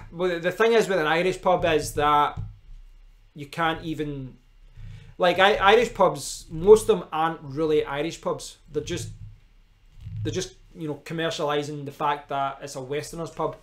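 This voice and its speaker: A man's voice: on the high side, normal speed, fairly bright tone. A man with a Scottish accent chatting casually on a live stream, rambling and answering viewers' comments as he goes.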